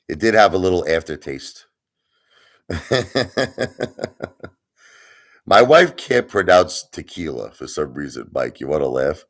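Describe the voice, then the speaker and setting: A man hosting a live stream, telling a story in a casual, animated way, with plenty of swearing and repetition for emphasis. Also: rumbling low. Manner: animated, profane, repeats himself for emphasis. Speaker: livestream host.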